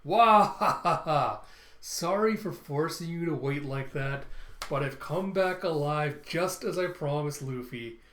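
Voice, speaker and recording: Brief: hearty, courtly fishman warrior, as a man puts him on, high and booming, roomy echo. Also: a little slow, close to an everyday voice. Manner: courtly, old-fashioned formal speech. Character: hearty formal fishman warrior, adult male.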